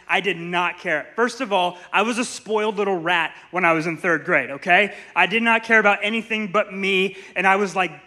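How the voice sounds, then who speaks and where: A man in his thirties preaches in a church, his voice high and forceful. He tells stories with animated energy and throws playful asides to the room. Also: normal speed, hardly any pauses. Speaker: pastor. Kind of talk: sermon. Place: church sanctuary.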